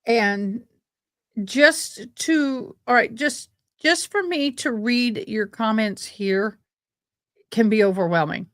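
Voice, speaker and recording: A woman's voice: fairly high pitch, takes it slowly, no room sound. A woman hosting a casual livestream chat, rambling and exclaiming as she talks. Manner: rambling, exclaiming, self-interrupting. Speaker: livestream host.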